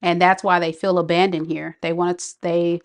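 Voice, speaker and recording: A woman's voice: on the low side, little pitch movement, normal speed. A woman giving a live tarot reading, talking casually and reacting to viewer comments. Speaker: tarot reader.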